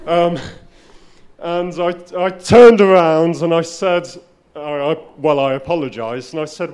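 A man's voice: fairly high pitch, normal speed, darkish tone. A man telling a personal story at a live spoken-word night, wry and self-deprecating, often restarting his sentences.

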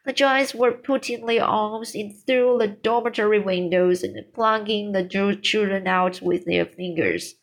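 Slow-reading woman storyteller. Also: mid-range voice, steady tone, gravelly, poor audio. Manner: unhurried reading with small restarts. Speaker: reader. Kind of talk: reading a children's book aloud.

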